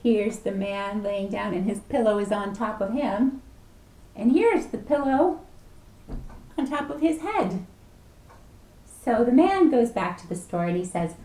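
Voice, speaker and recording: Animated woman reading a storybook aloud. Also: mid-range voice, a little slow, pauses often. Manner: animated, playful, asks children questions. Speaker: children's librarian. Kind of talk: preschool storytime read-aloud. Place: library. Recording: echoey room.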